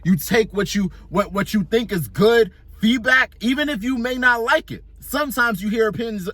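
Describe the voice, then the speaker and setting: A man's voice: high-pitched, animated, normal speed, few pauses, fairly bright tone, breathy edge, no room sound. A young man giving a casual motivational monologue, blunt and profane, talking in slang and working through a long analogy. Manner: explains with an extended analogy. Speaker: self-improvement vlogger.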